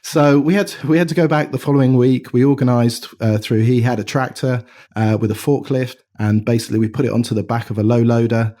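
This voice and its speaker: A middle-aged man from England, a watch company founder, telling an animated anecdote in a casual interview. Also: mid-range voice, brisk. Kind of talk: conversational storytelling.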